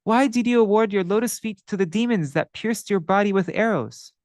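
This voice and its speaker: A man's voice: sits high, a little fast, no echo, studio quality, voice pushed up, close to an everyday voice. A man voicing a repentant ruffian who earnestly begs for mercy, his voice raised and imploring. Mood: pleading.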